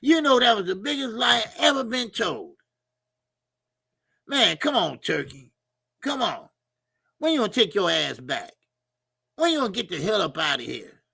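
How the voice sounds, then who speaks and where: A man hosting a boxing commentary stream, ranting in a loud, animated, profane way with frequent shouting and asides. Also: sits high, normal speed, creaky, pauses often, breathy edge, dry recording, clean studio sound. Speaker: boxing commentary channel host.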